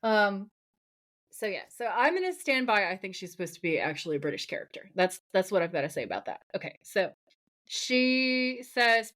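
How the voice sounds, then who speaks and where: A woman's voice: mid-range voice, moderate pace. A woman co-hosting a podcast, playfully recapping a TV episode and acting out quoted lines. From raised partly in America. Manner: animated, playful, retells scenes with quoted lines. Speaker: podcast co-host. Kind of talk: casual episode recap chat.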